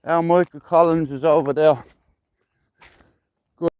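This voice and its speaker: Slow-talking Dublin man, dull lo-fi phone stream. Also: fairly high pitch, fairly even intonation, clean tone, no echo. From Ireland. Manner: rambling, sweary, "you know what I mean". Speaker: livestreamer. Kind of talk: casual livestream chat. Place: outdoors, walking through a neighbourhood.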